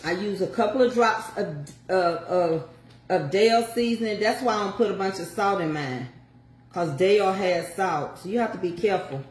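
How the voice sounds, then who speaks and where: A woman's voice: medium pitch, normal speed, darkish tone, reverberant. An older woman chatting folksily to viewers as she walks through a home recipe. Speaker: home cook showing a recipe. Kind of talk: casual cooking chat.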